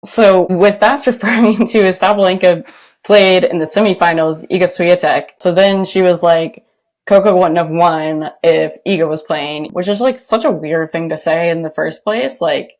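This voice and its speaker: A woman's voice: lowish voice, moderate pace. Chatty woman podcast host. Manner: chatty, animated, laughs often. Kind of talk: casual chat.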